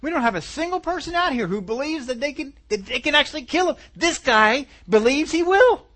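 A man's voice: very high voice, expressive, brisk, sharp tone, voice pushed up, exaggerated voice. A man voicing a king who marvels to his men about a bold young fighter. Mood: amazed.

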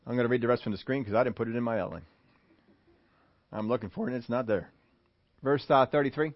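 A man preaching a sermon, animated, who acts out the voices he quotes. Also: medium pitch, fast, long pauses, no echo, highs cut off. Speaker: pastor.

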